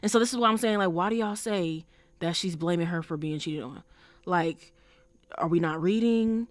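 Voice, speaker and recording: A woman's voice: lowish voice, normal speed, dry recording. Emphatic woman podcaster, dry close sound. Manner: animated, emphatic, rhetorical questions, frequent fillers. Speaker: podcast host. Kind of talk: casual commentary.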